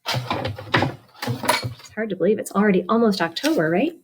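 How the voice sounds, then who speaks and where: A woman's voice: medium pitch, lively intonation, measured pace, a little hiss or hum. A woman librarian reads a picture book aloud at children's storytime, asking young listeners questions and answering for them.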